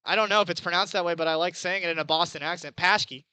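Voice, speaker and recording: A young man doing chatty baseball play-by-play commentary, getting excited on big plays. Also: sits high, racing, clean tone, no echo, low-quality recording. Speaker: play-by-play announcer.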